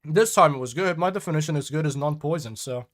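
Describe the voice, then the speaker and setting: A man's voice: on the high side, fast. A man hosting a live stream podcast, chatting casually and crudely with friends while sick with a cold. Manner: crude, joking, swears a lot.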